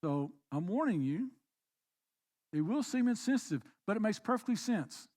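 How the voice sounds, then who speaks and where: A man with a very high voice preaches from the pulpit. He drops into quiet, reflective passages, then rises into emphatic, pressing exhortation. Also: very animated, moderate pace. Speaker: pastor. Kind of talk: sermon. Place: church.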